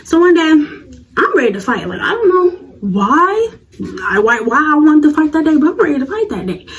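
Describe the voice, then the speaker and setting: A 19-year-old woman telling a storytime vlog in a slangy, animated way. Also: high-pitched, moderate pace, low-quality recording. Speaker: vlogger.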